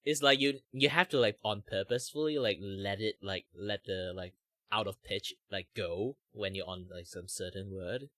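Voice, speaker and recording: Chatty low-voiced Malaysian man streamer. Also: moderate pace, pushed and bright, no echo. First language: Chinese. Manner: chatty, many "like" fillers, laughs often. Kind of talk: casual chat.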